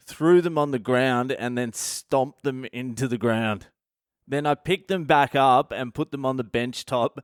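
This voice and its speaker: A man's voice: medium pitch, clean tone, dry recording, studio quality. A middle-aged man, a comedian hosting his podcast, telling a rambling, profane story. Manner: profane, rambling anecdotal delivery. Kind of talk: storytelling monologue.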